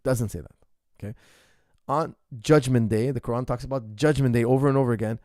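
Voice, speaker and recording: A man's voice: medium pitch, brisk, mellow, no room sound, studio quality. A rambling, emphatic male coach. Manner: rambling and emphatic, with frequent restarts and asides. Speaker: martial arts coach answering viewer questions. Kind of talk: casual ask-me-anything chat.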